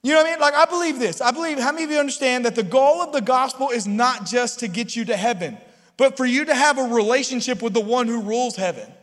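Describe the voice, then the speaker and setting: High-voiced preacher in a big hall. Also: male voice, fast, a bit bright. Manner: conversational, storytelling, asks the crowd often. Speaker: pastor. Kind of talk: sermon. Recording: long hall reverb.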